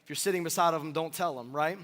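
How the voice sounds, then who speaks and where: A man in his thirties preaches to his congregation with bright, high energy, joking and asking the room questions as he goes. His voice sits high and sharp. The sound carries the long reverb of a church hall. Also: quick pace. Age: 30s. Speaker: pastor. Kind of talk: sermon. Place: church sanctuary.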